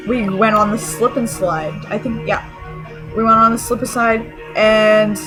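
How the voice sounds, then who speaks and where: Vlogger type: woman, high-ish voice, gushing, rambling story, music going behind her. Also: poor audio. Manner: excited, rambling, full of fillers and restarts. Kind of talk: casual storytelling to camera.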